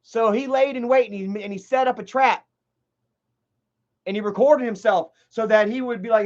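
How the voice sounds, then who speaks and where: Man, high voice, heated profane ranting, rambling stream commentary, muffled lo-fi audio. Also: normal speed. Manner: heated, swears a lot, repeats himself. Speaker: livestreamer.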